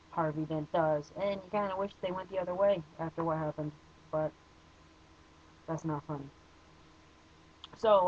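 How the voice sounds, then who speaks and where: A man's voice: high-pitched, dull audio, a little hiss or hum. A man giving a casual spoken movie review, hesitant and rambling, with many fillers and blunt opinions.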